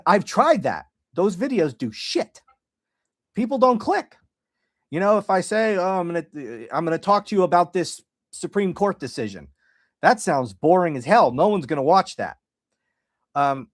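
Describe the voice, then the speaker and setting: A man's voice: sits high, no room sound, clean studio sound. A man hosting a podcast livestream, talking casually, swearing freely and mixing jokes with serious points. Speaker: podcast host.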